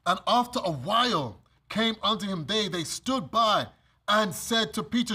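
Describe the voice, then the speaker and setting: British male preacher, high husky voice, lively storytelling sermon. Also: unhurried. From Britain. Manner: animated, acts out scenes, laughs often. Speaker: preacher leading bible study. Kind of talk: sermon with scripture reading.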